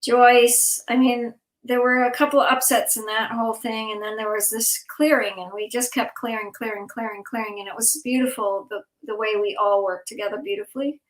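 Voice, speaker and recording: A woman's voice: a little high, level tone, a little fast, few pauses, echoey room, rough recording. A woman hosting a live online event, talking in a rambling, emotional way and laughing often, worn out and overtired. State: exhausted, overtired. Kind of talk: casual heartfelt chat.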